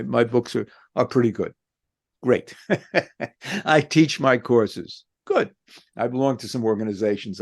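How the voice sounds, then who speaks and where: With a fairly low, gravelly, darkish voice, a male philosophy professor and author responds to an interview question. His reflective answer is driven by passionate rhetorical questions.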